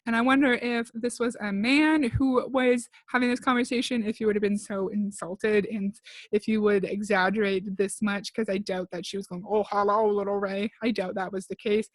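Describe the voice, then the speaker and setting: A woman's voice: mid-range voice, fairly even intonation, normal speed, dry recording. Female reaction commentator, blunt and sarcastic, dry close-mic sound.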